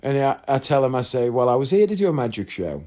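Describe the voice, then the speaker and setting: A man's voice: mid-range voice, very animated, fast, a little mellow. A man in a casual vlog, telling a long story frankly and chattily, rambling with asides and acting out what other people said. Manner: chatty, candid, rambling with asides and quoted voices. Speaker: vlogger.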